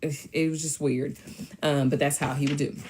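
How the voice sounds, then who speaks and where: A woman's voice: deep voice, little pitch movement, moderate pace, darkish tone, slight background noise. A woman telling a personal story in casual storytime fashion, blunt and offhand with slang.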